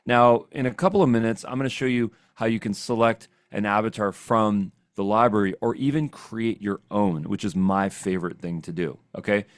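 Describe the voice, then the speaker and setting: A man giving a casual, upbeat screen-share software tutorial, chatty and often checking in with "okay?". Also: fairly low pitch, normal speed, few pauses, clean tone, dry recording, clean studio sound. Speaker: software trainer. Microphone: desk microphone.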